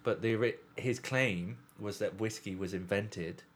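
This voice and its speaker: A man's voice: on the low side, a little slow, a little hiss or hum. A man co-hosting a podcast, rambling through anecdotes and swearing freely. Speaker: podcast co-host. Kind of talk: casual podcast chat.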